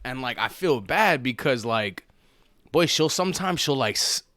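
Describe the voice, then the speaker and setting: A man co-hosting a casual podcast, telling stories with a lively, swooping delivery. His voice is bright and forward, and the mic is close and dry. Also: mid-range voice, normal speed, no room sound. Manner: animated storyteller, bursts into loud laughter. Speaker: podcast co-host. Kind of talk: casual chat.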